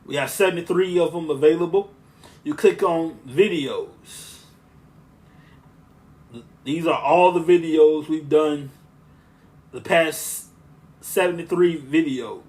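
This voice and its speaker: A podcast host with a slightly high, smooth voice that stays monotone and relaxing. He rambles casually, breaking off and restarting sentences as he goes. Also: slow pace, long pauses. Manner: rambling, with frequent restarts and asides.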